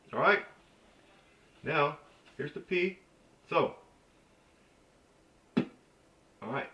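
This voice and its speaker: A man giving an informal language lesson in a folksy, chatty way, repeating sounds over and over to show how they are said. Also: a bit bright. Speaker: language teacher. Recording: roomy, distant, dull low-fi sound.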